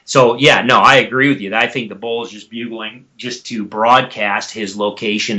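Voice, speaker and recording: A man's voice: on the low side, steady tone, normal speed, hardly any pauses, sharp tone. A man who is an expert guest on a podcast, explaining earnestly and step by step while repeating words as he goes. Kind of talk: explanatory interview answers.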